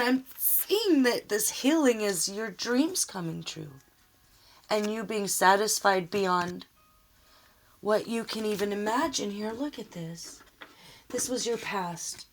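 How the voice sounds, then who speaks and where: A woman giving a tarot reading, speaking earnestly and emotionally straight to the viewer. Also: mid-range voice. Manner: slow, emotional, earnest, addressing the viewer directly. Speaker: tarot reader.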